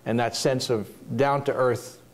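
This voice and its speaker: A man with an ordinary mid-range voice speaks as a panelist. He tells his story in a reflective way and often pauses on an um or uh. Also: medium pitch, steady tone. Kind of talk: anecdotal panel talk.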